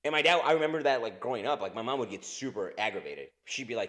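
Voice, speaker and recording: A man's voice: mid-range voice, lively intonation, quick pace, a bit bright. A man in his thirties co-hosting a podcast in casual chat, rambling, swearing a lot and laughing often. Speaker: podcast co-host.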